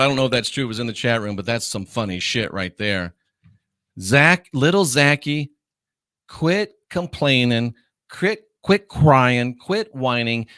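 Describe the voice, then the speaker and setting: A man hosting a reaction commentary, ranting with profanity and mockery, swinging from shouted jeers to low muttering. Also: no room sound, clean studio sound. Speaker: commentary host.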